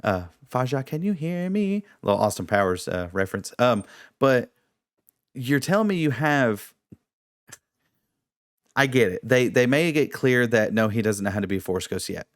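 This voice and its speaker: A man co-hosting a casual review chat, animated and mocking, slipping into impressions. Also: medium pitch, normal speed, long pauses, no room sound, studio quality. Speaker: podcast co-host.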